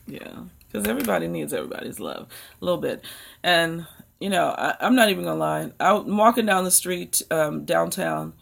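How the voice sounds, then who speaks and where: Chatty American woman with a gravelly edge. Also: lowish voice, expressive, fairly quick. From United States. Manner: chatty and rambling, talks straight to viewers. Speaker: book channel host. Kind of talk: casual live-stream chat.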